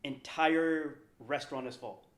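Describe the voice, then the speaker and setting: A man's voice: fairly high pitch, unhurried. A man in his thirties, a professional fighter guesting on a podcast, telling a long story casually with lots of fillers. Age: 30s. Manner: rambling, filler-heavy storytelling. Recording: roomy echo.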